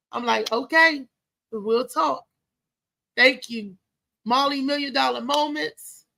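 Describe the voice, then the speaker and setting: A woman's voice: sits high, creaky, pushed and bright. A middle-aged woman, hosting a live show in a chatty, emotional, preachy way. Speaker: host. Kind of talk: casual live show talk.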